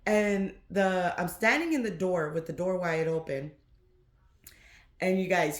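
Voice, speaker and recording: A chatty woman with a Southern US accent talks casually to her viewers in a slightly low voice. She keeps saying "you guys" as she tells her story. The room sounds echoey around her. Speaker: reborn doll collector vlogger. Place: home doll nursery.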